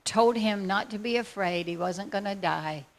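A woman telling a faith testimony as a lively, excitable story. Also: medium pitch, normal speed. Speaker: speaker sharing a faith testimony.

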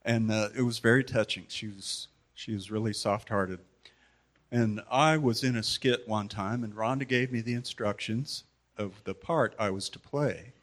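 A man giving a memorial tribute to a gathering, telling stories about the one remembered with pauses and restarts. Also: fairly low pitch, fairly bright tone. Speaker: community member giving a tribute.

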